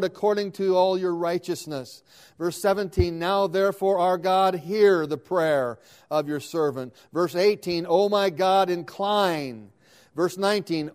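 Man, high voice, sermon, earnest preacher, verse-by-verse reading, self-correcting. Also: measured pace, a little mellow, clean tone. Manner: earnest, calling out scripture verse by verse with emphatic "O Lord"; restarts and corrects words as he goes.

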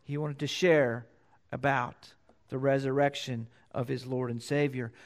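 A man's voice: steady tone, unhurried. Man preaching a sermon. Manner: reads scripture louder and higher, then drops low to explain; repeats phrases for emphasis. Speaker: pastor. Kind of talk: sermon with scripture reading.

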